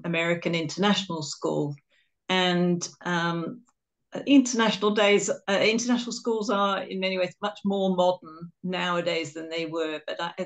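A middle-aged woman from England gives a webinar talk over a video call, her voice on the low side for a woman. She tells stories in a chatty, self-deprecating way. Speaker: guest speaker.

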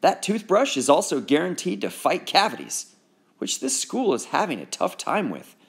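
Male reader playing a kindly coaxing dentist in a storybook, lilting and lively. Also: on the high side, normal speed, husky, pitched above the performer's own voice, exaggerated voice. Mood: friendly. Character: kind, friendly adult male dentist.

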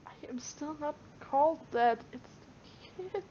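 Woman gamer, a bit high, chatty and swears, playing along all fake-annoyed, dull audio. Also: a little slow, dark tone. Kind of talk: casual gaming chat.

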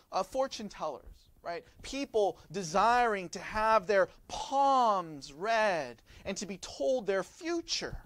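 A man's voice: high voice, no echo. A man preaching a sermon as pastor, explaining in a teaching manner and often turning to the listeners with rhetorical questions.

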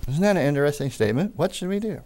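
A man's voice: a little high, animated, racing, a little mellow. A man preaching a teaching sermon, emphatic and repeating amen with enthusiasm, with wry asides and small jokes.

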